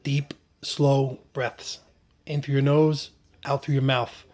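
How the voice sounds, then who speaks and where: A man tells his story in a loose, conversational vlog style, full of ums, uhs and restarts. His pitch sits right in the middle for a man, and he keeps a casual, joking tone. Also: slow pace. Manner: relaxed, joking, frequent fillers and restarts. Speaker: vlogger recounting his surgery. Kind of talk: casual first-person storytelling.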